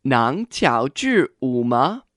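A man's voice: medium pitch, very animated, takes it slowly, fairly bright tone, dry recording. Male learner co-host: playful curiosity, bouncy intonation, takes his time; dry booth. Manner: repeats phrases after the teacher, playfully curious. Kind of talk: scripted radio lesson.

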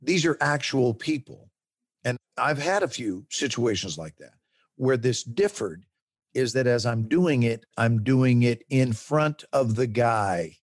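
A middle-aged man telling stories as an interview guest, recorded close and dry with almost no room sound. His voice sits at an ordinary pitch and he shapes each anecdote with lively, acted-out quotes and gestures. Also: a little slow, no room sound. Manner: expressive, acts out quotes and gestures. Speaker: actor guest. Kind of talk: animated storytelling interview.

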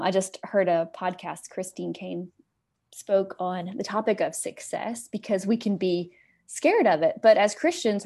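Casting: woman, podcast host, earnest and measured, reads scripture. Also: mid-range voice, darkish tone. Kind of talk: casual chat and scripture reading.

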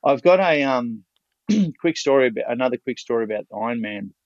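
An Australian seminar speaker with a mid-range voice tells stories fairly quickly in a casual, energetic way, swearing often and restarting many times. The recording is dry, dull, and lo-fi.

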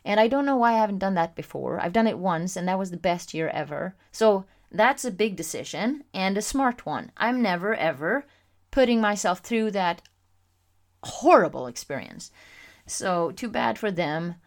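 A woman hosting a podcast, telling a personal story in a candid, expressive way with frequent pauses and fillers. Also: medium pitch. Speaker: podcast host.

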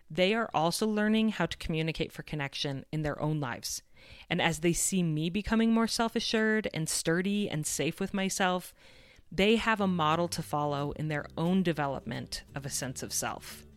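A woman's voice: fairly low pitch, moderate pace, clean tone, no room sound, clean studio sound. A woman in her thirties hosting a parenting podcast, telling a personal story in an earnest, reflective way. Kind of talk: scripted podcast monologue.

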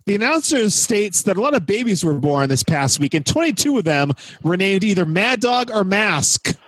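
Upbeat podcast host with a dry voice. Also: male voice, sits high, sing-song, moderate pace, a bit bright, breathy edge, no echo. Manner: recaps scenes playfully, cracks jokes. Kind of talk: casual movie-review podcast chat.

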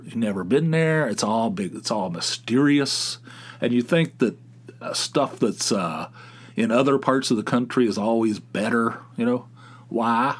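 A middle-aged man hosting a podcast, rambling casually and mocking excited people with put-on voices. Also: mid-range voice. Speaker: podcast host. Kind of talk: casual solo podcast rant.

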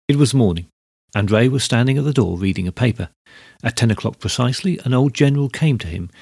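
A man reading a story aloud as narrator, in measured, even storytelling. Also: mid-range voice, vocal fry, husky, dry recording, studio quality.

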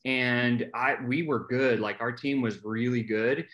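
Man, middle-aged, casual talk guest, animated delivery with many fillers. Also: medium pitch, unhurried, lo-fi sound. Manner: animated, acts out quoted voices, many fillers. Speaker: podcast guest telling his story. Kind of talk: casual storytelling chat.

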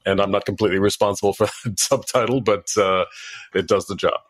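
A man answering interview questions in a measured, thoughtful way, pausing often with "uh". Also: lowish voice, fairly even intonation, dry recording. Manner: measured, thoughtful, with frequent hesitations. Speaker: guest, former diplomat and author.

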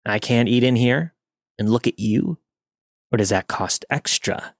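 A man doing a sleazy middle-aged trucker with a lazy Southern drawl, low and dry-sounding, pushy in every line. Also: unhurried, no echo. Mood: mocking. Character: crude flirty middle-aged male trucker turning nasty.

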